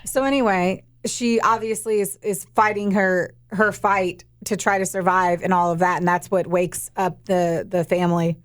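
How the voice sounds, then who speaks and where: A woman's voice: lowish voice, steady tone, moderate pace, few pauses, smooth. A young woman co-hosting a podcast, retelling a true-crime case in casual, profane, emphatic chat. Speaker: podcast co-host.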